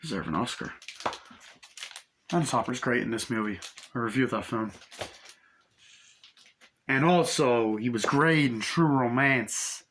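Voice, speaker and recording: A man talking through a film in a loose, rambling way, losing his thread and coming back to it. His voice is bright and forceful at an ordinary pitch, and he swears freely as he goes. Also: measured pace, long pauses, a little hiss or hum. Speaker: movie reviewer. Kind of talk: casual rambling movie review.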